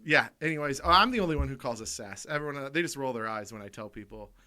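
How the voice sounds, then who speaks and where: A man's voice: mid-range voice, animated, fast, bright, forceful tone. A man co-hosting a comedy podcast, telling rambling stories in a casual, self-amused way and laughing in the middle of them. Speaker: podcast co-host. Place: podcast studio.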